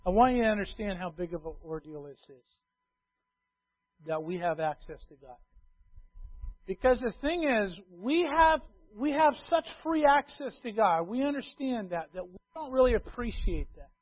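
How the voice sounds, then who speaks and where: A preacher with a high, ringing man's voice delivers a sermon, hammering home key phrases through repetition. He swings from loud declarations to quiet asides. The sound is thin and tinny, like it came over a phone line. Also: lively intonation, normal speed, dry recording. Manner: emphatic, repeats key phrases, swings between loud and hushed.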